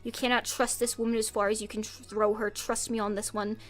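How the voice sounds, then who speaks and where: A woman's voice: mid-range voice, little pitch movement, brisk, a bit bright. A woman performing a mock-dramatic comedy skit as a streamer, theatrical and giggly. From United States.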